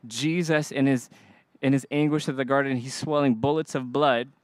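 A young adult man, a pastor, preaches a sermon in a medium-pitched, steady voice at a moderate pace with no echo. He is earnest and emphatic, urging the congregation to respond.

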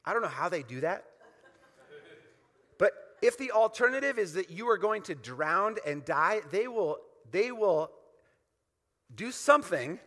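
A man's voice: high-pitched, sing-song, a little slow, long pauses, sharp tone, long reverb tail. A man preaching a sermon as pastor, emphatic and repetitive, leading the congregation in call-and-response.

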